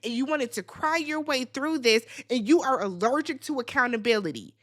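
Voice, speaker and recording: A woman's voice: sits high, animated, moderate pace, hardly any pauses. A woman giving a blunt, sassy, profane recap of a reality TV reunion, talking straight at the cast. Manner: talks straight to the people on the show. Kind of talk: opinionated show recap.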